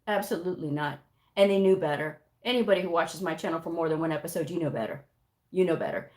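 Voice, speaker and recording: A woman's voice: animated, quick pace, a little mellow. A woman talks straight to her livestream viewers in a casual, blunt way. She lectures with tough love and now and then reads out chat messages. Her delivery is plain and unpolished, like an ongoing live chat. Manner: blunt, tough-love, mocks with high whiny voices; reads chat comments aloud. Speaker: livestream host and medical coding tutor.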